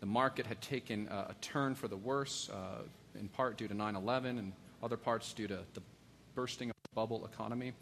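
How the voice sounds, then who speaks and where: Guy preaching in a church, earnest and pleading, voice rings out in the big room, bit of low hum behind. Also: fairly even intonation, a little fast, gravelly, a bit bright, long reverb tail. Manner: earnest, pleading, storytelling with asides to kids. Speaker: pastor. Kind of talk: sermon. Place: church sanctuary.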